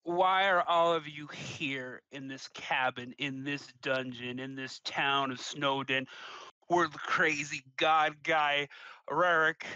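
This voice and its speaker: Man, bright tense voice, slow, eager tabletop player, dull lo-fi mic. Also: on the high side, steady tone, no room sound. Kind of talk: casual tabletop play.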